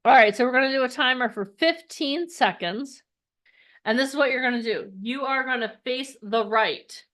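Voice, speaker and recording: A woman's voice: high-pitched, normal speed, fairly bright tone. A woman hosting a live virtual event, upbeat and chatty, leading the audience in an energy exercise. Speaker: event host.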